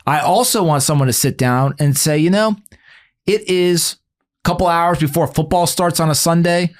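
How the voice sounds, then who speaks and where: A man chatting casually about his book, his voice sitting a touch higher than most men's. He keeps it direct and to the point, then slips into animated, joking storytelling. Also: moderate pace. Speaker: book author. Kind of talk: casual chat.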